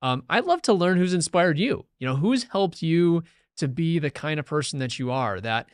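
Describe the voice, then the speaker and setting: A man's voice: a little high, animated, moderate pace, clean tone, no room sound, studio quality. A man hosting a podcast interview, enthusiastic and loose, with plenty of fillers. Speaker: podcast host. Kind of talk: casual interview.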